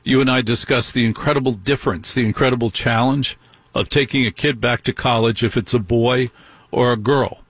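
Speaking a little fast with fairly even intonation, a middle-aged radio host launches into an indignant monologue full of rhetorical questions for his listeners. His husky voice is ordinary in pitch and fairly bright in tone. The recording is dry and close, with no room sound.

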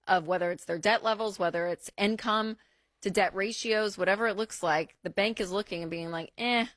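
Female co-host, lowish voice, chatty and animated, dry studio sound. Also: no room sound. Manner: chatty, animated, with fillers and restarts. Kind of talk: casual talk-show chat.

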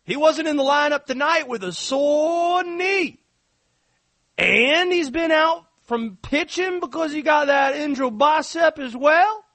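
A man voicing an excitable, conspiracy-minded Cajun sports fan with a Cajun accent, rambling hot takes. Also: slow, no echo, full character voice. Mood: suspicious. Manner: loud, high-pitched, rambling hot takes. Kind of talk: sports radio bit.

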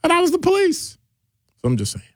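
A middle-aged man hosting a call-in radio show, talking in a jokey, animated way and shifting his voice for quoted people. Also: very high voice, fairly quick, no room sound, clean studio sound.

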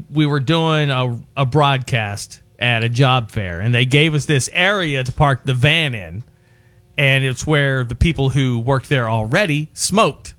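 A man's voice: mid-range voice, fairly bright tone. A man co-hosting a radio show, telling a story in casual banter and laughing often.

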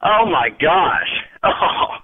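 A man's voice: a little high, huge pitch swings, very slow, husky. A man on a phone call, agitated, stammering and swearing. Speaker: prank call victim.

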